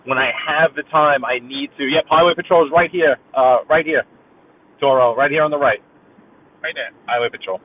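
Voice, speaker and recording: A man with a slightly high voice at a moderate pace drives while live-streaming, rambling casually to viewers. He's from Brooklyn and has a New York accent, chatty and talkative. The in-car audio is tinny, like a phone.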